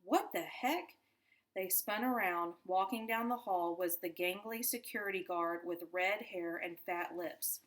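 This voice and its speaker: A teacher reading a chapter book aloud to her class, in an unhurried, lowish voice. She takes each sentence slowly and deliberately, savoring the story. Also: fairly bright tone. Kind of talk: children's book read-aloud.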